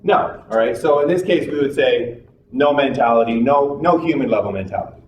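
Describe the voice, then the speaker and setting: A man's voice: mid-range voice, brisk. A man giving a psychology lecture in a classroom, talking in a conversational way, repeating himself and putting questions to the class. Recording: echoey room from a distance, faint noise.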